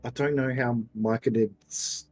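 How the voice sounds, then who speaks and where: A man playing a tabletop game, gentle and affectionate as he describes his character's actions. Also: medium pitch, fairly even intonation, unhurried, soft background music. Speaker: player. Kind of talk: tabletop role-play.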